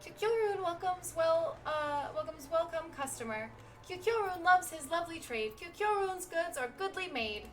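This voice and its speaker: A woman's voice: very high-pitched, lively intonation, normal speed, recorded from a distance, slight background noise, voice pushed up. A woman voicing a chirpy little male game merchant who talks about himself by name in a sing-song, rhyming way. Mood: cheery.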